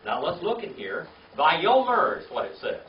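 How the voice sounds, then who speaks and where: A man's voice: fairly high pitch, huge pitch swings, moderate pace, a little hiss or hum. Man drilling Hebrew words with a class. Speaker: Bible teacher. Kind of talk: Bible class teaching with call-and-response. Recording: roomy, distant, dull lo-fi sound.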